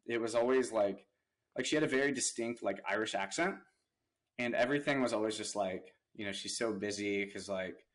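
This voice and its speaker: Young man, casual storyteller, lots of filler words, rambling, slightly low voice. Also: fairly quick, rough recording. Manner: rambling, heavy use of "like" fillers. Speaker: podcast guest, real estate investor.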